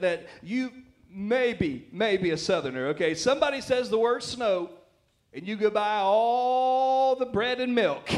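A Southern American pastor preaches in a high, light voice. He is folksy and playful, pausing to check in with his listeners and joking his way through his points. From Southern United States. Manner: folksy, joking, lots of "right?" and laughter. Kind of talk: sermon.

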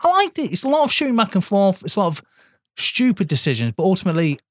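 Guy, young, podcast co-host, animated recap delivery, lively and a bit high-pitched. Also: fast, dry recording, studio quality. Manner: animated, swearing, laughs often, acts out lines. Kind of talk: casual chat recapping a film.

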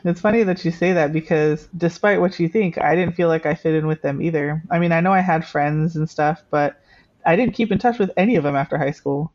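A podcast co-host in casual chat, talking hesitantly with restarts and quick agreeing replies. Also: mid-range voice, darkish tone. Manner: conversational, hesitant, with frequent restarts and agreeing interjections. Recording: dull lo-fi recording.

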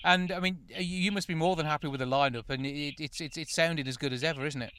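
A man's voice: fairly high pitch, fast, pushed and bright, clear, resonant tone. A man hosting a radio interview, prompting his guest in a friendly, encouraging way. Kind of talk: casual interview chat.

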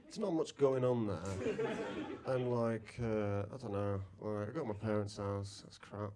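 A man's voice: fairly low pitch, a little slow. A man from Blackpool, co-hosting a live comedy podcast with rude, blunt, jokey storytelling. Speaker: podcast co-host. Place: live venue with audience. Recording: live show with loud crowd.

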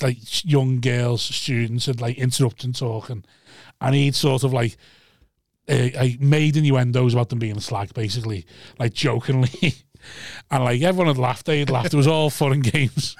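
A man, a comedian telling crude, quick anecdotes in casual podcast chat on a close mic. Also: medium pitch, dry recording.

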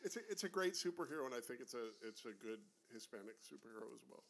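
A man co-hosting a casual podcast, explaining things in a relaxed, rambling way. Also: medium pitch, quick pace, creaky, slight background noise. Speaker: podcast co-host.

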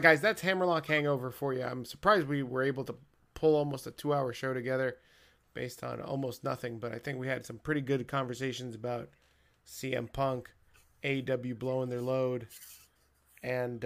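A man with a gravelly, creaky voice co-hosts a podcast in relaxed, casual chat. He jokes around and laughs easily. His pitch sits in an ordinary middle range. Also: normal speed. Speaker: podcast co-host.

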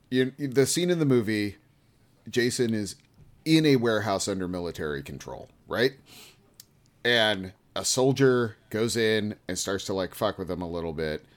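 A man in his thirties is chatting on a podcast and spinning a funny story. His pitch swings widely as he tells it. He laughs through it and leaps up high when he acts out the shouted lines. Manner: animated, laughing storyteller who jumps high for quoted yells. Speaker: podcast co-host. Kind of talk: casual storytelling chat.

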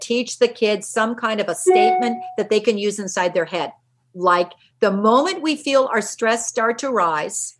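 A middle-aged woman, a parenting author, giving energetic interview answers and acting out little quotes in lively voices. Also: fairly high pitch.

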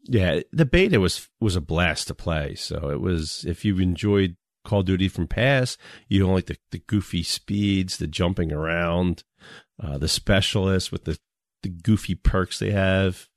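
A man with a deep voice talks in an easygoing, casual podcast chat. He tells stories at a relaxed pace and chuckles often. The sound is dry and close, with no room echo. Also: unhurried. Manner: laid-back storyteller, chuckles often. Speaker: podcast co-host.

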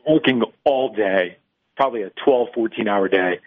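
A man's voice: fairly low pitch, normal speed. A man calling in as a radio show guest, chatting through a long anecdote and laughing along. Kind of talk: casual radio chat. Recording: tinny phone line.

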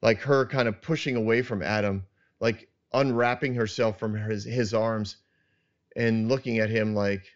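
A man hosting a casual Bible discussion podcast, earnest and halting, with many restarts and soft chuckles. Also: lowish voice, fairly even intonation, highs cut off. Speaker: podcast host.

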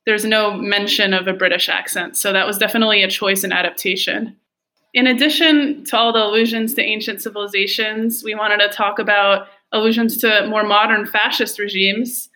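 Bright-voiced young woman reading film notes. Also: mid-range voice, fairly even intonation, moderate pace. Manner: reads prepared segments, with casual fillers. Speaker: podcast co-host. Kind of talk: scripted film analysis.

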